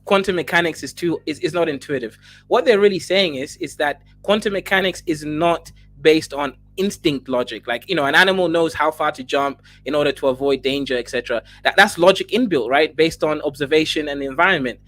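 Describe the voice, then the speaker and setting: A man's voice: a little high, a little fast, a bit bright. Musing man on a stream panel. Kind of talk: livestream panel debate.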